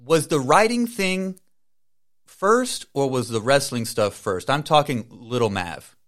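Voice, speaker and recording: A man hosts a relaxed conversation, his speech loose and full of slang. He sounds upbeat as he leads into his questions, with a middle-range voice. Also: medium pitch, unhurried. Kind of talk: casual chat.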